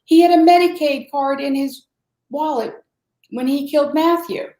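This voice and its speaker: A woman from Massachusetts, a guest in an interview, explaining in a steady, earnest way. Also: sits high, normal speed, reverberant, poor audio. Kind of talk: interview conversation.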